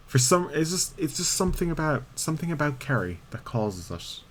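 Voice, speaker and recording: An Irish man with a slightly high, a bit mellow voice and big swings in pitch talks at normal speed while streaming a video game. His casual gameplay commentary is rambling and chatty, broken up by frequent laughs.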